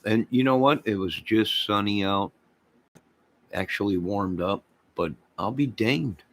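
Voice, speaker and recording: A man's voice: fairly low pitch, measured pace. A man chatting casually on his small vlog channel, rambling in a folksy, loose way.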